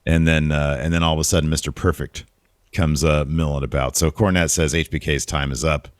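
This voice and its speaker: A man co-hosting a casual wrestling review podcast, joking and talking in an animated way. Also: brisk, no room sound, clean studio sound. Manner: animated, jokey, jumps into higher pitch for emphasis. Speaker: podcast co-host.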